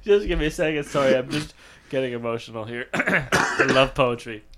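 A man's voice: medium pitch, animated, moderate pace, crowd noise, natural voice. A man playing an eccentric, cheerful chef who recites little rhymes, in an improvised comedy podcast. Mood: sing-song. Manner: sing-song rhyming recitation. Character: eccentric male chef, cheerful rhyming poet.

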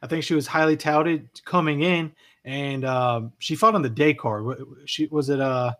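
A man's voice: a little high, fairly even intonation, moderate pace, fairly bright tone. Hyped Delmarva-accented guy. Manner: hyped, bro-ish. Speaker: co-host. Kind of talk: casual betting chat.

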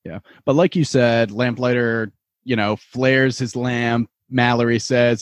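A man co-hosting a podcast, summarizing TV plot in a steady, casual way. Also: mid-range voice, a little slow, no echo. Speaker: podcast co-host. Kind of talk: casual TV recap chat.

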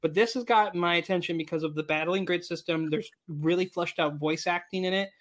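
A man's voice: sits high, fairly quick. A man in his thirties co-hosting a casual gaming podcast, talking eagerly and rambling with restarts. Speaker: podcast co-host.

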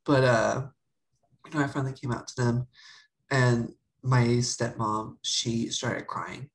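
Young woman, podcast co-host, casual storytelling, animated, acts out voices. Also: a bass voice, a little slow, low-quality recording.

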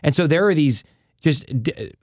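A man in casual conversation who talks haltingly, with many restarts and fillers. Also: on the high side, lively intonation, darkish tone, dry recording, studio quality. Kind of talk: casual faith discussion.

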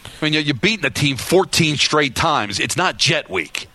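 Bright-voiced sarcastic male co-host. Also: on the high side, lively intonation, moderate pace. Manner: sarcastic, riffing. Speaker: sports show co-host. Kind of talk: casual sports talk.

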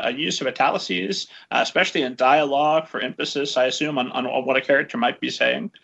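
A man hosting an interview, chatty and halting, with many fillers as he asks questions. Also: mid-range voice, creaky, fairly bright tone, dull audio. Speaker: podcast host interviewer. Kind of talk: interview conversation.

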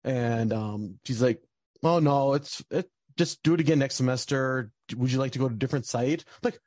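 A man's voice: mid-range voice, moderate pace, darkish tone, no echo. A young man telling a personal story in a casual, rambling way, with lots of fillers and bursts of frustration. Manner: rambling, many fillers, gets heated and swears.

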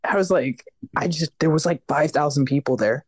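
A man's voice: on the high side, brisk, slightly rough, no echo. A man, a guest vocalist in a casual interview, telling stories animatedly, acting out the voices of others and swearing casually.

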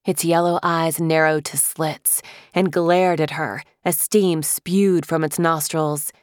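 A woman narrating a children's fantasy novel in a measured, vivid storytelling manner. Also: low voice, fairly even intonation, no echo, clean studio sound. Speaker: audiobook narrator. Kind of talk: scripted narration.

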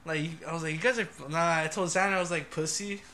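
Bright-voiced young man, loose and profane. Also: a little high, fairly even intonation, fast, slight background noise. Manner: profane, laughing storytelling. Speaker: podcast host. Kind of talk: casual chat.

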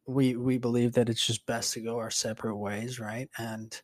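A man's voice: mid-range voice, little pitch movement, moderate pace. A man hosting a podcast, telling a rambling, profane story in a casual monologue, sounding exasperated. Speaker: podcast host.

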